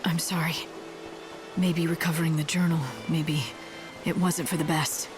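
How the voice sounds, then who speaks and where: A calm young heroine in a video game voiced by an actress who speaks softly and evenly in a slightly low voice. Music plays clearly behind her. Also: natural voice. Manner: calm, measured, soft-spoken.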